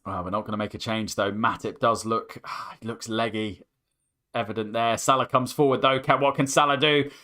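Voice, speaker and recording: A young man hosting a live football watchalong, commentating with rising excitement as his voice starts to go hoarse. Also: lowish voice, normal speed. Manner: excitable, voice climbs sharply with the action. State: voice going hoarse. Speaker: host.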